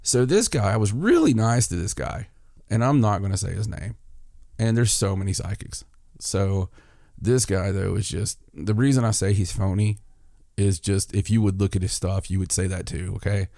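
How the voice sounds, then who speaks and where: Low-voiced man telling a story. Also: normal speed, creaky, dry recording, studio quality. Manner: animated, acts out both sides of an argument. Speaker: podcast host. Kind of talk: casual storytelling chat.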